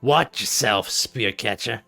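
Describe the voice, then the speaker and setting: A man's voice: fairly low pitch, slow pace, vocal fry, bright, forceful tone, soft background music, pitched below the performer's own voice, full character voice. A man voicing a blunt, wary male camp guard with a Scottish accent, speaking curtly in a tabletop game. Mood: gruff.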